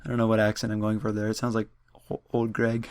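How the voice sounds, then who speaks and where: A man's voice: fairly low pitch, completely flat delivery, a little fast, a little mellow. A man casually commenting while playing a story game and chatting to his viewers. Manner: chatty, reads game text aloud, talks to viewers. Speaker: let's play gamer.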